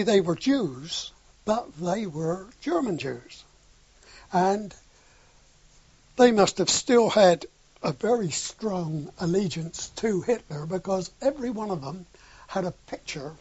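A man's voice: sits high, darkish tone, breathy edge, dry recording. An older man telling a wartime anecdote in an oral history interview, acting out the dialogue with a chuckle now and then. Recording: dull lo-fi recording.

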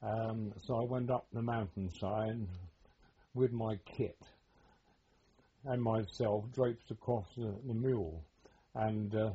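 A man's voice: on the low side, fairly even intonation, dark tone, a little hiss or hum. An older man, telling war stories in a hesitant, rambling way during an oral history interview. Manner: hesitant, rambling storytelling with many pauses. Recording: dull lo-fi recording.

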